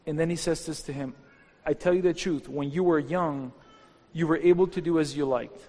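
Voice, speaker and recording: A pastor with a fairly high, steady, mellow voice preaches a sermon at a moderate pace in a church hall, growing fervent and rising into exhortation. The recording carries long hall reverb and faint music.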